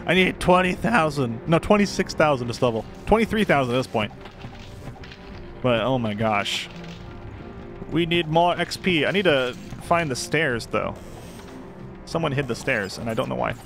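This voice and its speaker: A young man talks through his gameplay in a loose, chatty way, full of rambling asides and jokes at his own expense. His voice sits at an everyday middle pitch, with faint music playing underneath. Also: animated, normal speed, gravelly, pauses often, a bit bright. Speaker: gameplay commentator. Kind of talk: casual gameplay commentary.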